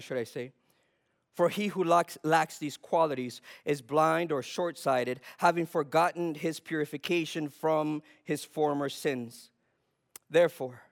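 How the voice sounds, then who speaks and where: Fervent high-voiced male preacher. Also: creaky. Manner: builds to fervent emphasis, asks and answers himself. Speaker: pastor. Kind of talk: sermon.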